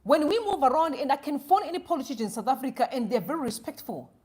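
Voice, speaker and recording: Animated woman streaming commentary. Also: high voice, quick pace. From Zimbabwe. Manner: animated storytelling, acting out both sides of a conversation; mixes Shona phrases into English. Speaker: live stream host. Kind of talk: opinionated live-stream commentary.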